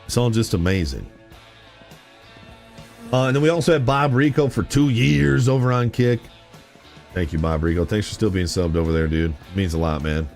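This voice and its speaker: A man's voice: lowish voice, normal speed, pauses often, faint music behind. A man chatting casually with viewers on a gaming live stream, rambling through stories and blurting out reactions. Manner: animated, rambling storyteller who blurts out reactions.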